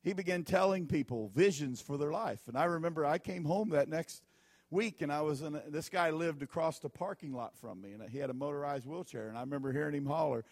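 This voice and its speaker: A man's voice: on the high side, brisk, dry recording. A man preaching a sermon as pastor, telling folksy stories and repeating his warnings with emphasis.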